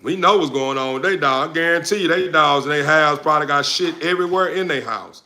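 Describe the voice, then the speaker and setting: A man on a livestream, loudly and confrontationally answering viewers in casual slangy talk, recorded without a lapel mic. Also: on the high side, fairly quick. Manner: loud, confrontational, repetitive, slangy. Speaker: dog breeder streamer answering chat. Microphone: no lapel mic, phone or camera mic.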